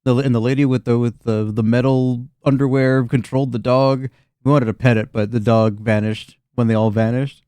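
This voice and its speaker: A man's voice: mid-range voice, fairly even intonation, normal speed, warm tone, smooth, no echo. A man narrating as the game master of a tabletop game, describing scenes in a loose, rambling way with many restarts.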